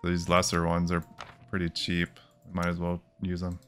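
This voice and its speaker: Deep-voiced man narrating gameplay. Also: normal speed, faint music behind. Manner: thinking aloud, relaxed. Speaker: let's play host. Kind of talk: casual gameplay commentary.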